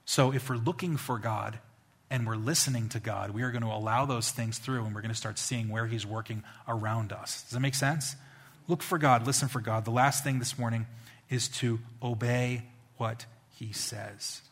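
A man preaching a sermon as a pastor, telling stories in an animated, conversational way. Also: medium pitch, moderate pace, husky.

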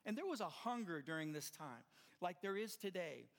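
An older man preaching a sermon as pastor, impassioned and swelling louder at the climaxes. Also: sits high, big pitch swings, normal speed, gravelly.

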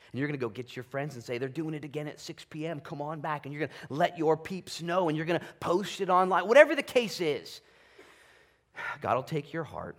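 A man preaching a sermon from a church stage with animated, exclamatory delivery that swings between loud bursts and quieter asides. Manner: hushed, low prayer voice. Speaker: pastor.

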